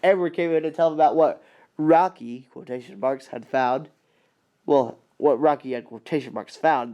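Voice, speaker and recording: A man casually recapping a film he loves, rambling and excited, with many fillers and restarts. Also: fairly high pitch, normal speed, dull audio.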